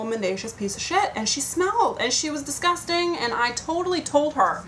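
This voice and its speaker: A woman's voice: fairly high pitch, a bit bright, a little hiss or hum. A woman telling a story to her computer camera at home in a casual, rambling, profane rant. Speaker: vlogger. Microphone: computer webcam mic.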